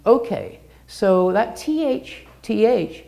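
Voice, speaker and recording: A woman's voice: on the high side, expressive, slow pace, vocal fry, mellow. A woman giving an illustrated talk with slides, explaining step by step and often restarting her sentences. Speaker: presenter.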